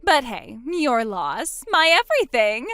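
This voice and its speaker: A woman's voice: high-pitched, sing-song, measured pace, sharp tone, no echo, full character voice. A woman voicing a boastful, spiteful young woman who mocks her sister in a text-story drama. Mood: gloating. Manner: smug, mocking, gloating.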